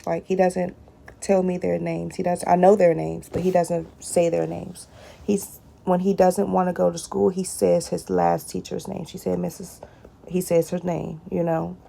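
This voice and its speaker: A woman's voice: fairly low pitch, level tone, moderate pace, gravelly, mellow. A woman speaking straight to her viewers in a personal video blog, often addressing them directly and repeating short phrases.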